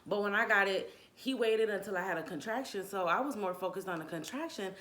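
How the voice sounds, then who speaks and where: A young woman telling a casual storytime about giving birth, animated and slangy, acting out what people said. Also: medium pitch, a little fast. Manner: animated, slangy, acts out quotes, laughs often.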